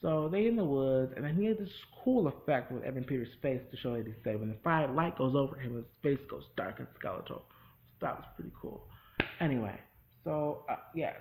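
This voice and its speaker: A man giving a casual, rambling spoken recap of a TV episode, with many restarts and quick acted-out quotes. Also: medium pitch, expressive, vocal fry, darkish tone, slight background noise, low-quality recording.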